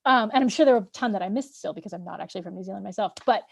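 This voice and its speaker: A woman's voice: mid-range voice, very fast, creaky, slightly rough. A woman hosting a casual interview, enthusiastic and rambling with many fillers. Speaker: interview host. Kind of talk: casual video-call interview.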